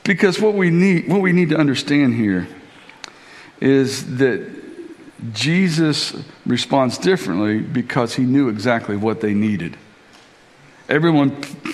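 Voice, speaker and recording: Animated male pastor preaching. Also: medium pitch, long reverb tail. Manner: animated preaching, swinging from soft to emphatic. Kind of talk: sermon.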